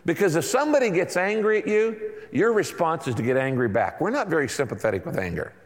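A man's voice: on the high side, sing-song, fast. A middle-aged man preaching a sermon to a congregation in a conversational way, now and then acting out little asides in other people's voices. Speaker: pastor. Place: large church auditorium. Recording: long hall reverb.

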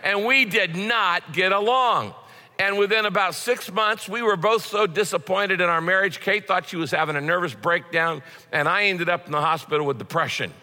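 A man's voice: high voice, moderate pace, pushed and bright. A man preaching a sermon as a pastor, in a conversational way with frequent repeated words. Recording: long hall reverb.

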